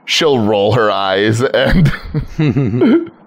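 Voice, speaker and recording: A man's voice: medium pitch, big pitch swings, very slow, creaky. A man playing a tabletop game, casually narrating what his silent character does in third person. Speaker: player. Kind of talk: narrating a mute character's actions.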